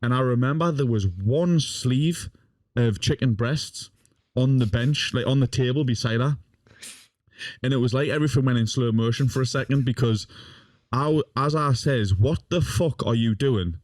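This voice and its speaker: A man's voice: medium pitch, normal speed, darkish tone, dry recording. A young man telling a rowdy story in casual podcast chat, swearing constantly and laughing as he goes. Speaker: podcast guest.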